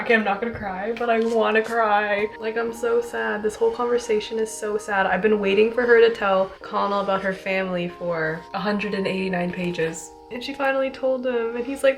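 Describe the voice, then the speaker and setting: A woman's voice: on the high side, normal speed, creaky, soft background music. Chatty young woman vlogging about books. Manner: chatty, says "like" constantly, swings from deadpan to exasperated. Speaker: book vlogger. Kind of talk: casual vlog commentary.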